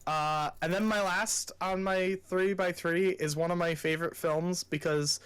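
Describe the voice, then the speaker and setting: A man's voice: sits high, steady tone, measured pace, fairly bright tone, clear, resonant tone. A young man co-hosting a podcast, chatting casually and gushing with enthusiasm, swearing freely. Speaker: podcast co-host. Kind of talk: casual chat.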